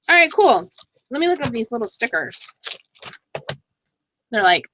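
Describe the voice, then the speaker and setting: A middle-aged woman chatting casually in a thrift haul vlog, excitable and talking to herself as she goes through her finds. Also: a little high, a little fast, pauses often, no room sound, low-quality recording. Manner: chatty, excitable, talks to herself while browsing items. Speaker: thrift reseller vlogger.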